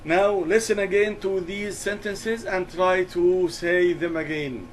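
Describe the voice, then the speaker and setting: Slow, deliberate male English teacher. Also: sits high, steady tone, slight background noise, poor audio. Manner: slow, deliberate, repeats key words. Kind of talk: classroom lesson explanation.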